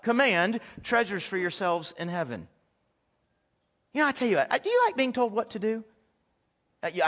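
Casting: male pastor, very high voice, chatty sermon full of rhetorical questions and restarts. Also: a bit bright. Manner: conversational preaching with rhetorical questions and repeated restarts. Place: church hall with audience.

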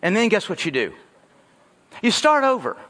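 A man preaching a sermon to his congregation, talking straight to them and growing animated as he goes. His voice sits high for a man. It rings through a church with a long, trailing reverb. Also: moderate pace. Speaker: pastor. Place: church sanctuary.

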